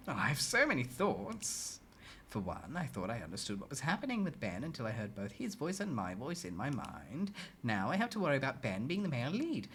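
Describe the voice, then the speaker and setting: A streamer reading a story game aloud and reacting with loud, swearing outbursts. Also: mid-range voice, slight background noise.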